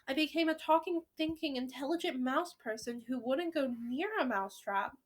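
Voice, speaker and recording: A woman reading the part of an excitable young boy, talking eagerly and shouting out his ideas. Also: high-pitched, moderate pace, natural voice. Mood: excited.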